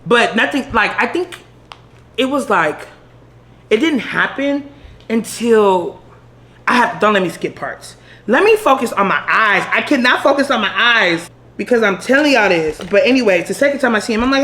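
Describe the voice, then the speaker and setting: A woman vlogger telling a story in while doing her makeup, laughing and acting out the quotes in high voices. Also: lively intonation, normal speed, fairly bright tone. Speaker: beauty vlogger.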